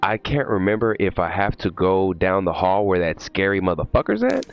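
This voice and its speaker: A man's voice: low-pitched, big pitch swings, normal speed, gravelly, faint music behind. A man livestreaming a horror game, chatting loosely with viewers, swearing and sounding jittery. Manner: loose, profane, jittery, talks to chat. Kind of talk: casual live gameplay chat.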